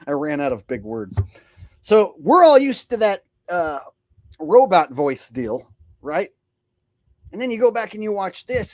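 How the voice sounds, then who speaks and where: A man's voice: high voice, sing-song, slow, pauses often, a little mellow, no room sound. A man hosting a casual commentary vlog, sarcastic and rambling, often laughing and mocking. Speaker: vlogger host.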